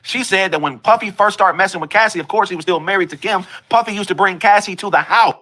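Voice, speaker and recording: A man's voice: high voice, fast talker, bright, forceful tone. A man in a played clip, ranting as an online commentator and insistently repeating his claims. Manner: insistent and repetitive. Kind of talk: ranting social media commentary.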